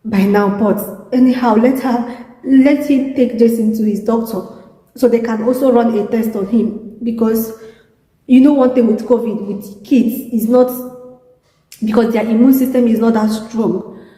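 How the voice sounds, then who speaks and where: A woman's voice: on the high side, fairly even intonation, unhurried, mellow, roomy sound, long reverb tail, low-quality recording. Weary tearful Nigerian woman vlogging. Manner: repetitive, weary, pleading. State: tearful and exhausted. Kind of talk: emotional video diary. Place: hospital room.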